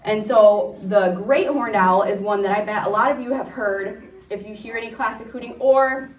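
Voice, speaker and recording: A woman with a mid-range voice talks at normal speed as a nature educator. She gives a chatty, playful talk on birds to a live audience, sometimes imitating their calls, and the recording is echoey with a distant mic.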